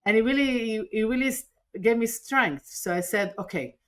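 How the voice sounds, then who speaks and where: A woman recounting a personal story as a podcast interview guest, earnest and animated, often restarting her sentences. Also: on the high side, moderate pace.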